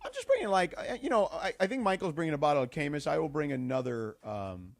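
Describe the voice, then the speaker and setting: A man co-hosting a radio show, bantering in a quick, teasing way. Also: on the high side, sing-song, gravelly, dry recording. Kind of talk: casual studio banter. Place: radio studio. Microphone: studio microphone.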